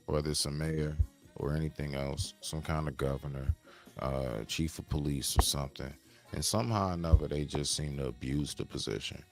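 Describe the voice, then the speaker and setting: A man's voice: very deep voice, gravelly. A man doing reaction commentary on a video, preachy and full of rhetorical questions. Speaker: commentary streamer.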